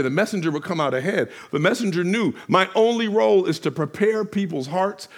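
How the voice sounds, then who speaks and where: Male pastor with a somewhat high voice, preaching a sermon that moves from hushed to loud. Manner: dynamic preaching, swings from hushed to loud, repeats phrases for emphasis.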